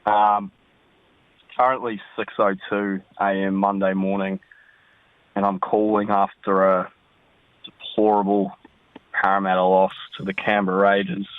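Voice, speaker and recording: A man's voice: lowish voice, little pitch movement, a little slow, long pauses, no echo. A man with a New Zealand accent calling in to a sports podcast, glum and candid, swearing about his team. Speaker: caller. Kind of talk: phoned-in voice message. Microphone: phone. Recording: tinny phone line.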